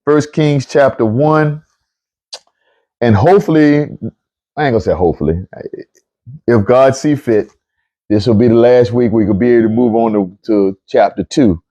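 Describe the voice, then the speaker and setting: A man hosting a casual livestream Bible talk, chatty and excitable, often repeating himself as he greets viewers. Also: medium pitch, normal speed, pauses often, highs cut off. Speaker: online show host.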